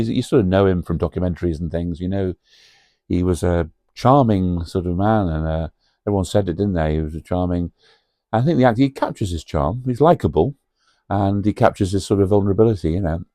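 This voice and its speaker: A man's voice: deep voice, mellow, no echo, clean studio sound. A man hosting a cosy pub-style chat about a film, rambling and chatty with lots of fillers and asides to the viewer. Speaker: video host.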